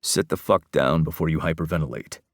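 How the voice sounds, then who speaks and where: A man voicing a calm, detached former commando who speaks low and steady. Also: brisk, no echo, studio quality. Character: calm, unflappable ex-commando man, dry-humored.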